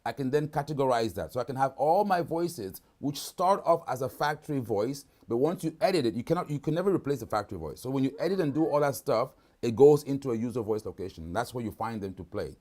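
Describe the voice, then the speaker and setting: A man's voice: medium pitch, lively intonation, fast talker, hardly any pauses, darkish tone. A man hosting a live product demonstration over a video call, talking casually and often checking in with "right?". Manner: casual, keeps asking "right?".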